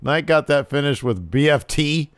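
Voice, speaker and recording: A man co-hosting a podcast, casually recapping a wrestling show and breaking into loud, exaggerated impressions when he quotes the wrestlers. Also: on the high side, animated, normal speed, clear, resonant tone, no echo, clean studio sound. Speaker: podcast co-host.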